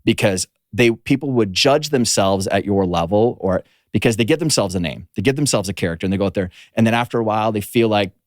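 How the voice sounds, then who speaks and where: A man who is a performance coach, giving interview answers in a steady, explanatory way. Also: lowish voice, fast talker, few pauses, no room sound, clean studio sound.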